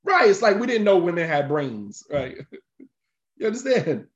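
A high-pitched, sing-song man speaks at a measured pace, preaching an informal sermon as a religious teacher. He restates his points emphatically in a conversational way. The recording is lo-fi, roomy and dull.

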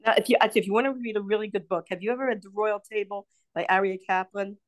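A woman's voice: mid-range voice, fast. Older Baltimore woman telling rambling stories. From Baltimore area. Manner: rambling storyteller, laughs often, many restarts. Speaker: podcast co-host, mother. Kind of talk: casual family chat.

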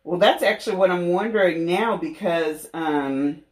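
A woman's voice: lowish voice, moderate pace. A young woman hosting a livestream, chatting casually and giggling with viewers. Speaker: livestream host.

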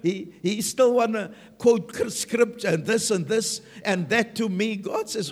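A man's voice: high voice, big pitch swings, measured pace, hardly any pauses. A man preaching a sermon with emphasis, punctuating his points with "Amen". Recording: long reverb of a large hall.

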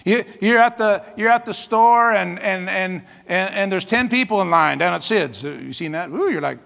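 High-pitched folksy preacher man. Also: animated, normal speed, creaky, fairly bright tone, in a large hall. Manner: folksy storytelling with laughs and asides. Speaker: pastor. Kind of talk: sermon.

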